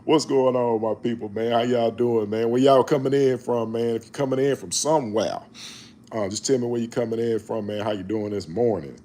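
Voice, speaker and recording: A man, reading scripture slowly and then talking about it in a casual, emphatic preaching way. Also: medium pitch. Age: 40s. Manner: slow measured reading, then animated, emphatic street-talk commentary. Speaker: online Bible reader and commentator.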